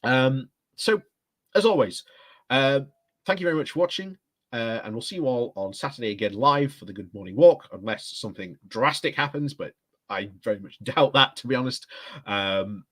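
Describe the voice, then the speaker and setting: A man hosting a casual political commentary vlog, rambling and hedging as he talks. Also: medium pitch. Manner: rambling, hedging with lots of ums and "like I say". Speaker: host.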